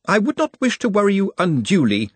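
A man voicing a slow, pedantic older male wizard official who talks in a dithering, fretful way. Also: high-pitched, wildly swooping pitch, husky, dry recording, pitched above the performer's own voice, full character voice.

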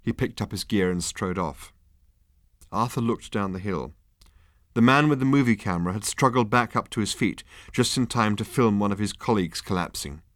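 A male audiobook narrator with a lowish voice and a wry, measured delivery. The recording is dry and close, with no room sound. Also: fairly bright tone, no echo. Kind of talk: scripted narration.

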